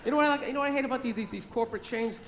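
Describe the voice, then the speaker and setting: A man's voice: extremely high pitch, rapid-fire. A man doing a profane, sarcastic stand-up rant on stage before a live audience. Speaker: stand-up comedian. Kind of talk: stand-up routine. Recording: live set with loud crowd and noise.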